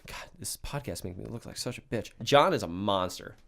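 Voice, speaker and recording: A man's voice: lowish voice, fairly quick, creaky. A young man casually telling a wild story on a podcast, swearing freely and acting out what people said. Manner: animated, swears a lot, acts out quotes.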